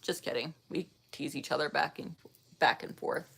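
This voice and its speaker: A woman's voice: deep voice, normal speed, vocal fry, a bit bright, husky. A woman in her thirties chatting casually with her viewers, rambling and laughing often. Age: 30s. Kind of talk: casual chat reading viewer comments.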